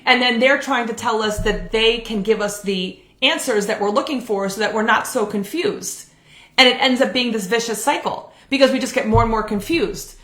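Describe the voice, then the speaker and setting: A woman's voice: on the high side, normal speed, a bit bright. A woman counselor giving a candid, earnest live talk and drawing on her own experiences. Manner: candid, earnest, uses personal examples. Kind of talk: live video talk on relationships. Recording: roomy echo.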